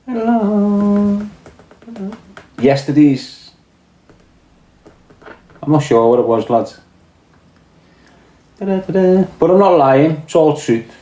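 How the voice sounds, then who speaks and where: Animated, fairly high and dark in tone, this Scouse podcast host talks at normal speed with long pauses. During the casual live-stream chat he rambles and reads viewer comments aloud, in an echoey room.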